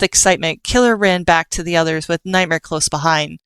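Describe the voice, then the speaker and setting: A woman reading an audiobook in a steady storytelling manner. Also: low-pitched, fairly quick, hardly any pauses, clear, resonant tone, no echo. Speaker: audiobook narrator. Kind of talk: scripted audiobook narration.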